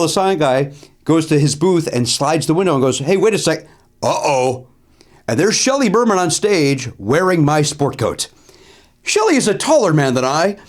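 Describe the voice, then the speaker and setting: Lively, high-voiced man telling stories. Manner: animated, repeats phrases, many "uh" fillers. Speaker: comedian and show host. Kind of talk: casual anecdotal storytelling.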